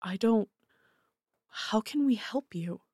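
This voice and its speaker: A woman voicing a gentle, worried middle-aged father who speaks softly and earnestly. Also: a little high, lively intonation, slow pace, no echo, clean studio sound. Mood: tender.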